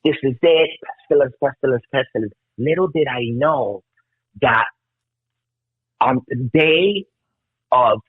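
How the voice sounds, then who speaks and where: A man in his fifties from Cuba, telling stories as a guest musician in an excitable, rambling way, swearing a lot. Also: mid-range voice, breathy edge, no echo. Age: 50s. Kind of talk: casual storytelling interview. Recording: tinny phone-like call line.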